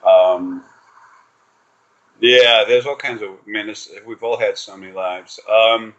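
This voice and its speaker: A man's voice: on the low side, steady tone, slow pace, a bit bright, lo-fi sound. A man giving a casual spiritual reading over a video call, rambling and swearing, with many fillers and restarts. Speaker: spiritual reader.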